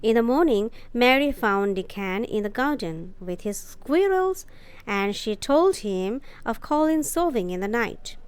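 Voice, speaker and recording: A woman reading a story aloud for English learners, carefully and deliberately, with short asides explaining the pictures. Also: on the high side, animated, clean tone.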